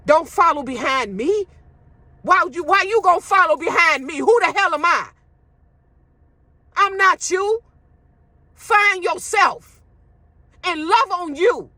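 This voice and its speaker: Woman, high voice, bright and sharp, blunt profane rant, dry close sound. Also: expressive, slow, long pauses, no room sound. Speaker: social media commentator. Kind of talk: ranting monologue to viewers.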